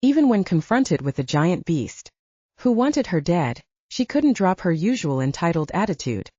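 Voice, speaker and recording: Woman audiobook narrator, lively and mellow, dry dull lo-fi audio. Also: fairly low pitch, normal speed, dry recording. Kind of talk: scripted fantasy narration.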